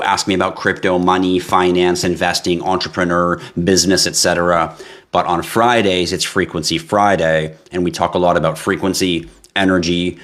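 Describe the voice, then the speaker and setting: A man hosting a live stream, reading viewer comments in a casual, animated way, laughing and swearing now and then. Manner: animated, laughs and swears, jumps to high yelps for effect. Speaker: livestream host.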